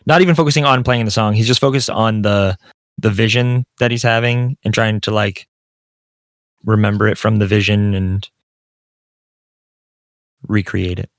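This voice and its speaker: A man with a lowish, gravelly voice talking casually as a tabletop player, thinking aloud as he explains his character. Recorded dry on a close mic. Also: normal speed, long pauses, dry recording.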